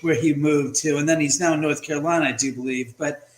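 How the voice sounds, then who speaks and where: Guy on a video call from his house, kinda high voice, animated storyteller, echoey room. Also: fast talker, a little hiss or hum. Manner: storytelling, animated, acts out quotes. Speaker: guest, house owner and author. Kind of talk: casual livestream chat.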